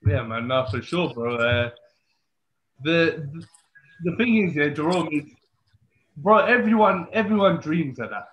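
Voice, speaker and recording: A man's voice: on the high side, expressive, measured pace, long pauses. A man hosting a podcast, talking loosely and peppering his questions with "bro" and "yeah". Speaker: podcast host. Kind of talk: casual interview chat. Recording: echoey, muffled lo-fi audio.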